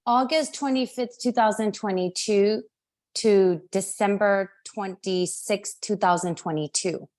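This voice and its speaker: A woman's voice: mid-range voice, unhurried, a little mellow. A woman in her thirties sharing her family's story on a video call, often laughing and apologizing as she loses track of dates. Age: 30s. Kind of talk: casual video call testimonial.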